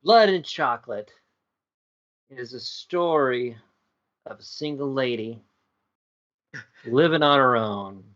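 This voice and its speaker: A man's voice: medium pitch, lively intonation, slow pace, long pauses, fairly bright tone, dull audio. A man playing a comedy guessing game, improvising a silly plot with playful restarts. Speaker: game contestant.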